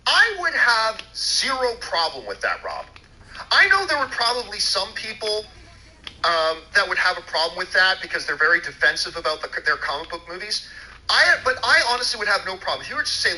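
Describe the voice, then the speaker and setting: A man's voice: high voice, sing-song, moderate pace, sharp tone, poor audio. Man ranting hard, profane and sarcastic. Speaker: show host. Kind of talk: angry ranting commentary.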